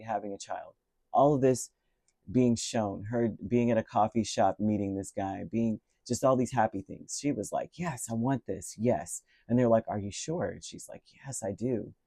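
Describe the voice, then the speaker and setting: A man's voice: fairly low pitch, mellow, dry recording. A middle-aged man giving a casual, rambling tarot reading and telling a story along the way, with many restarts. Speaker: tarot reader.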